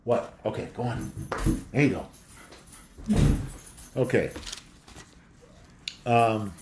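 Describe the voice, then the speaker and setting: Male home host, slow unhurried delivery, rambling and conspiratorial, dog in the background. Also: medium pitch, a little mellow, slight background noise. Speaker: host of a home talk show. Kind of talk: casual monologue.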